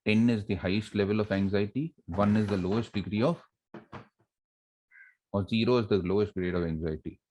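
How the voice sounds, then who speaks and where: A man's voice: on the low side, normal speed, pauses often, darkish tone. A middle-aged man with an Indian English accent giving a motivational lecture to students on facing exams, repeating key phrases and quizzing his listeners with rhetorical questions. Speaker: college academic director giving exam advice.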